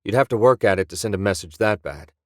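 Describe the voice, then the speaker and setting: A skeptical male ship technician talks in a low, blunt, dismissive way, played by a male narrator. The recording is dry and close. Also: animated, quick pace, darkish tone, no room sound, close to an everyday voice.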